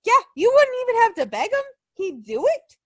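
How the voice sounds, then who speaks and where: Bubbly, high-voiced woman podcast co-host. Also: huge pitch swings, brisk, dry recording. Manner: gushing, giggly, swears casually. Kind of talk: casual chat.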